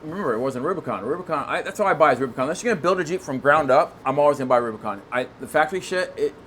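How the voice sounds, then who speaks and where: Excitable rambling male podcast guest, slightly high pitch, light background noise. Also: very fast. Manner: excitable, rambling, many restarts. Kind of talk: casual storytelling chat.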